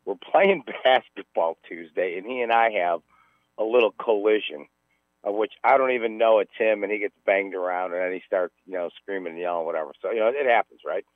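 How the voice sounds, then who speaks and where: A man's voice: fairly low pitch, brisk, dry recording. A man calling in to a radio sports show, joking and needling the host while telling stories. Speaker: radio caller. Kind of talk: casual radio banter. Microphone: telephone. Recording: tinny phone line on radio.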